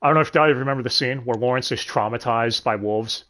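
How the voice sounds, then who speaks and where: A man's voice: medium pitch, fast, pushed and bright. A man co-hosting a casual podcast, talking animatedly about an anime dub, swearing freely and laughing often. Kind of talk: casual chat.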